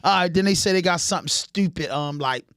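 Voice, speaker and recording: Man, Baltimore accent, podcast host, high voice, emphatic storyteller, dry sound. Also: brisk, a bit bright, clean tone, dry recording. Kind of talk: casual chat.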